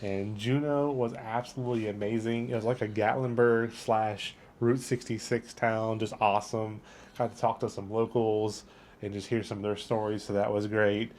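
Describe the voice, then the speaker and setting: This travel vlogger has a lowish, slightly mellow voice and a flat delivery at a normal speed, yet he hosts his casual port-town vlog with eager enthusiasm and lots of superlatives. There's slight background noise outdoors.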